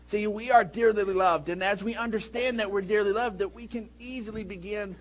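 A man in his thirties preaches with a rather high voice for a man. He tells his stories in a lively, animated way and breaks into loud shouts when he acts out scenes. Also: brisk. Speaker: pastor. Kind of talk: sermon.

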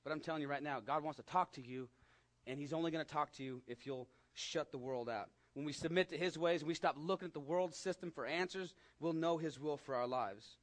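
A pastor with a West Texas accent preaches a sermon conversationally, climbing to emphatic peaks and sinking into hushed asides. His voice is on the high side and his delivery brisk.

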